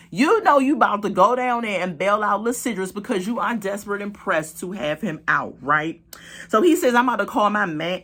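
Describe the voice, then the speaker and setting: Lady recapping a reality show to her viewers, chatty, laughs a lot, does everybody's lines. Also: on the low side. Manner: animated storytelling, acts out quotes; chatty, laughs, talks to viewers as "y'all" and "girl". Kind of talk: casual episode recap.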